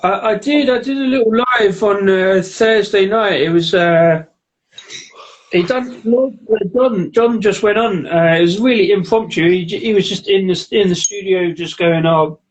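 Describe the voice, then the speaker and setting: A man's voice: sits high, normal speed, lo-fi sound, a little hiss or hum. A man co-hosting a live beer review stream, chatty and greeting viewers as they pop in. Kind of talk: casual live-stream chat.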